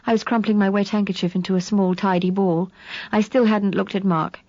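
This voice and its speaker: A woman reading a novel aloud in first-person narration, measured and quietly dramatic. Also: mid-range voice, steady tone, dry recording, highs cut off. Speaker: audiobook reader.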